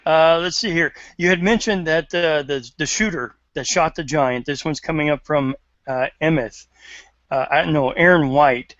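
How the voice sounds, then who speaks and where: A male host reads viewer questions aloud in a casual, halting way, full of fillers. His voice sits a little high and sounds dry and dull over the stream. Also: a bit bright, no room sound. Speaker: live show host.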